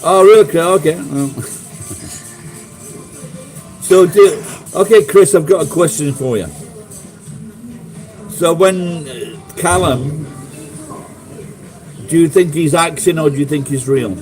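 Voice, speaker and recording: A man's voice: a little high, slow pace, long pauses, darkish tone, soft background music, rough recording. A middle-aged man with a Sheffield accent, rambling through sweary stories and chatting with viewers on a livestream. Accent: Sheffield English. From England. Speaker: livestream host. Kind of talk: casual live chat.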